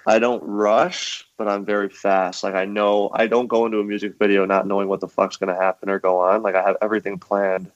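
A man's voice: fairly low pitch, level tone, a little fast, few pauses, no room sound, highs cut off. A man who is a rapper, chatting casually as a podcast guest, laid-back and swearing freely. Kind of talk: casual interview chat.

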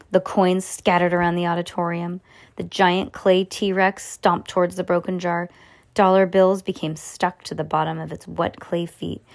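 A woman with a lowish voice reads aloud from a children's chapter book, tripping over words and rereading as she goes while voicing the characters with plenty of life.

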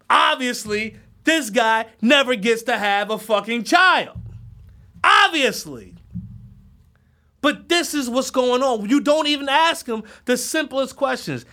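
High-voiced man ranting on a podcast. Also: expressive, unhurried, pushed and bright. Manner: profane, heated ranting. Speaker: podcast host. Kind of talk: solo podcast rant.

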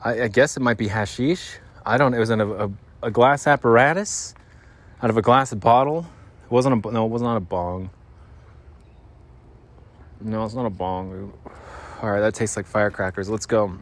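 A man's voice: on the low side, moderate pace, long pauses. Rambling, slangy middle-aged man. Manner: rambling, slangy, keeps saying dude. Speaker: podcast host. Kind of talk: rambling casual monologue.

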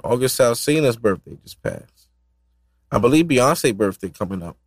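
A man's voice: medium pitch, sing-song, moderate pace, husky, no echo. A man hosting a solo podcast in loose, profane, rambling casual chat, laughing often. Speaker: podcast host.

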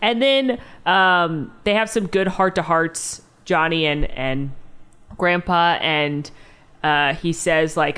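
A woman's voice: low voice, takes it slowly, a bit bright, clean tone. A young adult woman co-hosting a casual movie recap podcast, talking animatedly, swearing freely and acting out lines from the film. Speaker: podcast co-host.

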